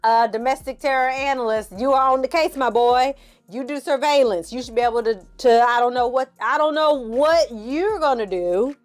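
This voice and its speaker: A woman's voice: high voice, normal speed, voice pushed up, natural voice. A woman doing a mocking impression of a bossy government official who barks orders on a call. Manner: mocking, exaggerated.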